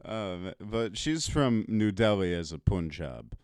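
A man talking as a podcast guest in a relaxed way, agreeing often and swearing casually. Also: sits low, slow pace, smooth, dry recording, clean studio sound. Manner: relaxed, agreeable, many fillers, profane. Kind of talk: casual chat.

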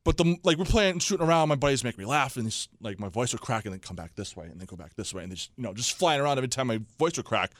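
A young man, co-hosting a casual sports chat and telling animated stories with acted-out quotes. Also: mid-range voice, rapid-fire, hardly any pauses, no room sound, clean studio sound. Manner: animated storyteller, acts out quotes. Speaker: podcast co-host.

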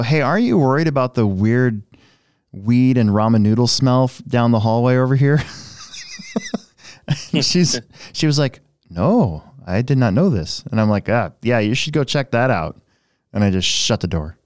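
A man's voice: mid-range voice, clear, resonant tone, dry recording, studio quality. A man co-hosting a hobby podcast, telling a rambling story in casual chat and restarting his sentences often. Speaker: podcast co-host.

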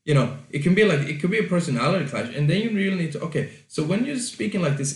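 A man's voice: fairly high pitch, sing-song, brisk, reverberant. A man talking loosely as a podcast host, giving advice with fillers, restarts and the odd swear word. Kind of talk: casual advice monologue.

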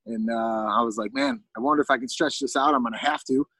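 A man's voice: medium pitch, quick pace, bright, forceful tone, breathy edge, no room sound, low-quality recording. A man casually telling a long story as a podcast guest, rambling with lots of fillers and restarts.

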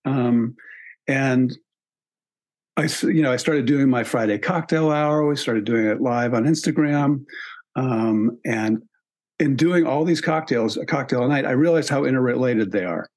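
A man, an author and podcast guest, speaking in a relaxed conversational way, thoughtful and full of ums and restarts. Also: mid-range voice, unhurried. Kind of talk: relaxed conversational interview talk.

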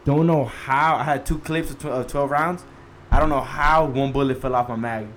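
A man's voice: mid-range voice, steady tone, normal speed, a bit bright, slight background noise. A young man, a former Marine, telling a war story casually, laughing and swearing as he acts out dialogue. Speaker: podcast guest, former Marine corporal.

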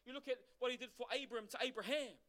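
A man's voice: extremely high pitch, fast talker. A middle-aged man preaching a sermon as pastor, asking the congregation questions. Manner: animated preaching with rhetorical questions.

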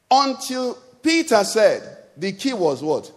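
A pastor with a Nigerian English accent preaches in a high, bright voice. His sermon is chatty and full of questions thrown to the congregation. The sound rings with a long reverb tail from a large church hall. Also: big pitch swings, moderate pace.

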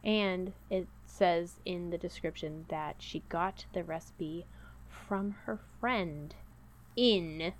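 A woman's voice: fairly low pitch, slow pace. A woman co-hosting a podcast, chatting casually in a rambling, playful way. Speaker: podcast co-host. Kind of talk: casual chat.

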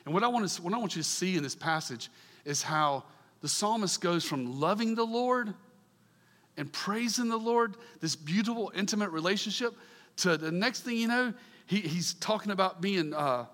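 A man preaching a sermon, earnest and emphatic, swinging from fervent calls down to soft, quiet asides. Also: high voice, expressive, normal speed, long reverb tail.

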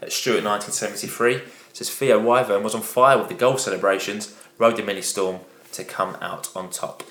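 A man's voice: on the low side, fairly even intonation, moderate pace, a bit bright. A man hosting a casual football podcast, upbeat and agreeable as he reads listener tweets aloud. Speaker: podcast host. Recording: echoey room.

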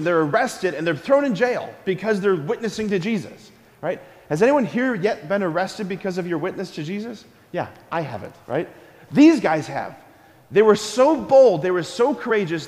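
Priest, male, high pitched, energetic homily with call-and-response, long church reverb. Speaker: Catholic priest. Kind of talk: homily at a school mass.

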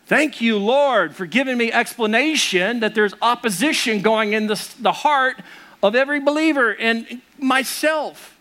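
A man's voice: very high-pitched, unhurried, bright, forceful tone. A middle-aged man, a pastor preaching a sermon in a conversational way, mixing personal family stories into his preaching.

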